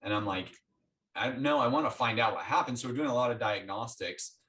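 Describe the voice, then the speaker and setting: Speaking fairly quickly in a medium-pitched voice, this man recounts his experience in an interview, animatedly performing the dialogue he had with his doctors. He's picked up from a distance.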